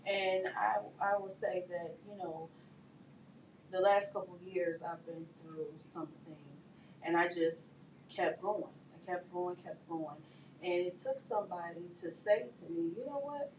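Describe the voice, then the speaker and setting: Woman guest, personal storyteller, slightly low; roomy, distant mic. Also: fairly even intonation, unhurried, a little mellow, a little hiss or hum. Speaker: guest speaker. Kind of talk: casual studio discussion. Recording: echoey studio, mic at a distance.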